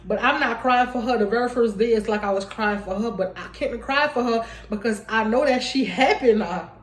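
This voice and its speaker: A woman's voice: a little high, brisk. Young woman talking with viewers in an echoey room. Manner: rambling, restarts often, addresses viewers as y'all. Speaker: vlogger. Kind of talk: casual heartfelt vlog talk.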